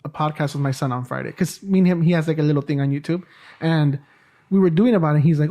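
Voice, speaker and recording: A man's voice: on the high side, quick pace, warm tone. A middle-aged man hosting a casual podcast chat, rambling and often searching for words. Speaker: podcast host.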